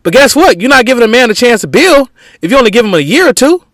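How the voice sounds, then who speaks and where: A man's voice: very high voice, big pitch swings, fast, a bit bright, no echo. A man hosting a podcast, giving opinionated sports commentary in an emphatic, conversational way with frequent restarts. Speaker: podcast host.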